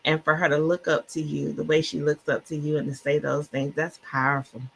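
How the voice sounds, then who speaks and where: A woman's voice: sits low, flat delivery, a little fast, creaky, a little hiss or hum. A woman guest co-author on a faith-filled podcast, talking with passion, sometimes stumbling over words and admitting she stutters. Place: Clubhouse-style online audio room.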